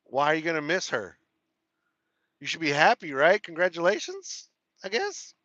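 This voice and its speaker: Man with a Texas twang, a trucker hosting a live stream, talking to his viewers in a bright, fairly high voice, laughing and repeating thanks, on a dry, lo-fi phone mic. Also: wildly swooping pitch, moderate pace, no room sound. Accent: Texas country twang. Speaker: trucker livestream host. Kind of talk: casual live-stream chat reading viewer comments. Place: inside a truck cab.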